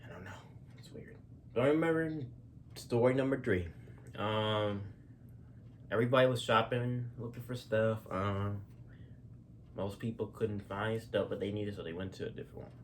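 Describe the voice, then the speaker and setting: Guy telling stories off the cuff, lots of ums and restarts, lowish voice, faint hum behind. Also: moderate pace. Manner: rambling, with many fillers and restarts, casual slang. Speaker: storyteller. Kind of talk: casual spoken storytelling.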